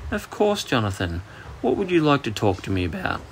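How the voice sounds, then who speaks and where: A man with an Australian accent voicing a kind, patient male schoolteacher in a bedtime story, gentle and measured. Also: medium pitch, very animated, a little hiss or hum, pitched above the performer's own voice, natural voice.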